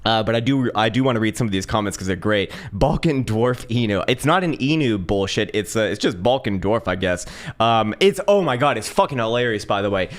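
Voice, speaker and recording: A man's voice: on the low side, fairly quick. A man hosting a casual crypto live stream, swearing and laughing as he banters and reads viewer comments aloud. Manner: profane, laughing, excitable banter.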